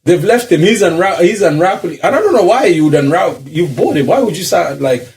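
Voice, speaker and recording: A man's voice: high voice, brisk. A man telling a story in a casual podcast chat, acting out the people in it and laughing often. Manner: animated storyteller, acts out voices, laughs often. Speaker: podcast co-host.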